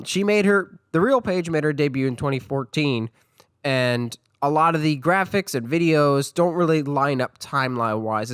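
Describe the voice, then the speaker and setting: A man's voice: on the high side, fairly bright tone, smooth, no echo. Congested man hosting a movie podcast. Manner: chatty, enthusiastic movie fan. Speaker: podcast host. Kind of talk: casual solo podcast talk.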